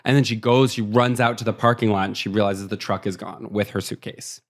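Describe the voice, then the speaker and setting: A man's voice: fairly low pitch, fairly even intonation. Guy on a podcast rambling through a movie plot, doing little voices for the characters. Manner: rambling, acts out characters in quick snatches. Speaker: podcast co-host. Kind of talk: casual retelling of a movie plot.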